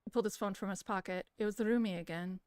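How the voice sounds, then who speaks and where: A woman reading a visual novel aloud in a soft, soothing voice, with casual, swearing asides. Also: medium pitch, steady tone, very fast, smooth, dry recording, studio quality. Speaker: streamer reading a game aloud.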